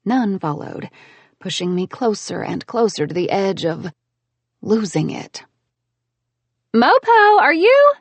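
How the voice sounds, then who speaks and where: A woman narrating a first-person audiobook in an expressive, animated way. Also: fairly low pitch, measured pace, gravelly, no room sound.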